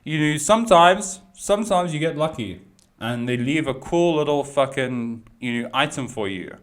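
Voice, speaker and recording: A man's voice: a little high, lively intonation, moderate pace, close to an everyday voice. A man doing a comic impression of a laid-back, smug male movie star who drawls dismissively and swears casually. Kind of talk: comic impression in a rant video.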